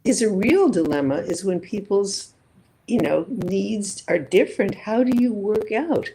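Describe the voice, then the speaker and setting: A woman's voice: mid-range voice, animated, a little slow, dark tone, a little hiss or hum, poor audio. A woman psychologist being interviewed, building her points thoughtfully through examples and rhetorical questions. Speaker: psychologist guest. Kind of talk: reflective interview conversation.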